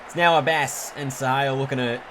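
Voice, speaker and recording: A man calls a cricket video game play by play, his voice at an everyday middle pitch. He is chatty, corrects himself as he goes, and jumps up in excitement at big moments. A clear, steady noise runs behind the recording. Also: fairly quick. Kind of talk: play-by-play sports commentary.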